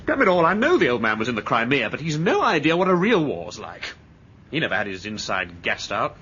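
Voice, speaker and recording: An actor playing a bitter, touchy English ex-soldier with an edgy, resentful manner, in an old radio drama. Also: male voice, a little high, a bit bright, a little hiss or hum. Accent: upper-class English. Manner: edgy, resentful, quick to flare up. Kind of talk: 1930s-style radio drama acting. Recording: dull old radio recording.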